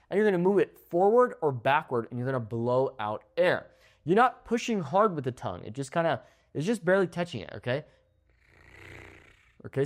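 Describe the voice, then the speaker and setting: Lively Spanish teacher drilling words. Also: male voice, on the high side. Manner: slow, drawn-out model words, frequent "okay?" check-ins. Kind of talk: pronunciation lesson to camera.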